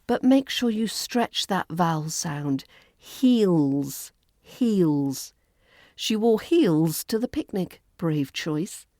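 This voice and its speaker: A woman with a British RP accent teaching pronunciation in a scripted lesson, enunciating clearly and repeating words for practice. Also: on the low side, warm tone, dry recording, studio quality. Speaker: accent coach.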